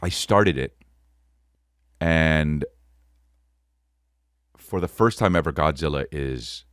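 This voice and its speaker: A man hosting a podcast, telling a comedic story in an animated, profane way, close to the mic. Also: a bass voice, takes it slowly, pauses often, no echo. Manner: animated, profane, peppered with "dude". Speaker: podcast host.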